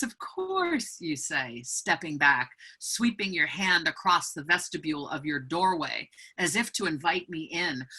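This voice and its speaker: A woman's voice: sits low, slightly rough. A woman author speaking as a guest over a video call, animatedly telling a story and reading from her book. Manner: animated, acts out other people's voices.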